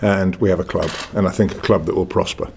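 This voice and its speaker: A man's voice: deep voice, steady tone, fast talker, gravelly, a little mellow, a little hiss or hum. A man in his sixties with a northern English accent, answering reporters at a press conference in a blunt, confident, plain-spoken way. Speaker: cricket club chairman.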